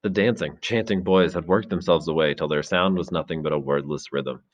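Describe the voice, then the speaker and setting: Deep male narrator, measured dramatic audiobook read. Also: lo-fi sound. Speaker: teacher reading a novel aloud.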